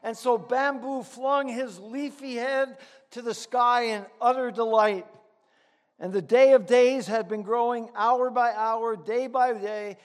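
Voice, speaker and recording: A man preaching a sermon and telling a story earnestly, with dramatic pauses. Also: very high voice. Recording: echoey hall.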